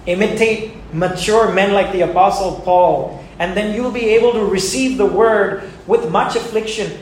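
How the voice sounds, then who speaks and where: A man's voice: high-pitched, moderate pace, slight background noise. A male pastor preaching a sermon in an earnest, conversational way, chuckling now and then. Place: church sanctuary. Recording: very echoey church hall.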